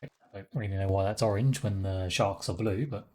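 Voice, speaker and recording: A man's voice: on the low side, fairly quick, warm tone. A man giving casual, dry commentary while he plays a game. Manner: dry, wry, chuckling asides. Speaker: streamer.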